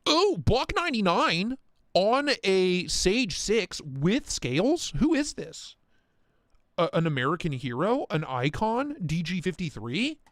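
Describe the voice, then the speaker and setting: A man hosting a casual live stream, talking in excitable, profane, rambling rants. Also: sits high, no echo, clean studio sound. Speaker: livestream host.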